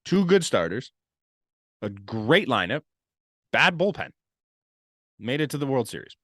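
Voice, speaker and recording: Male podcast co-host, opinionated and lively, dry close mic. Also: mid-range voice, a little slow, no echo. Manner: blunt and opinionated, laughs often. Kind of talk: casual sports chat.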